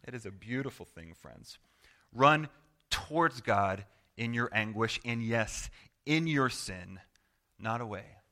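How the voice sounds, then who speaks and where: A man preaching a sermon as pastor, earnest and conversational, swinging from loud to hushed and acting out quoted prayers. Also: medium pitch, expressive, takes it slowly. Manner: acts out quoted prayers and replies in voice.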